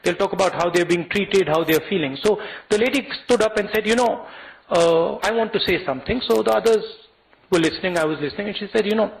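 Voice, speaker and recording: Man, Indian English accent, high voice, earnest, halting, public speech, storytelling. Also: vocal fry, poor audio. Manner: earnest, halting delivery with restarts and quoted dialogue. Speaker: guest speaker addressing college students.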